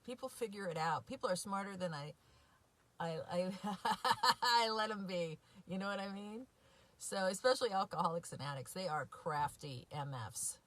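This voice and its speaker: A woman's voice: medium pitch, expressive, moderate pace, fairly bright tone. A woman recovery coach talking casually and from the heart to her viewers, with many fillers and frequent "right?" asides. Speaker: recovery coach and podcast host. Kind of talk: casual direct-to-viewer talk.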